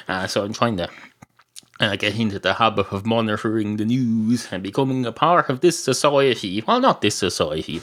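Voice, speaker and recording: A man's voice: mid-range voice, a bit bright, close to an everyday voice. A man voicing a talking male dog in a comedy joke, who rambles and over-explains.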